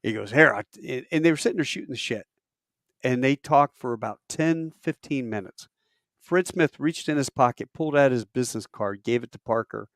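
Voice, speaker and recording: A man's voice: mid-range voice, a little fast, dry recording, studio quality. A man in his fifties, an airline pilot and podcast co-host, telling a long personal story in casual chat and acting out the people in it. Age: 50s. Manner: animated storyteller acting out quoted voices.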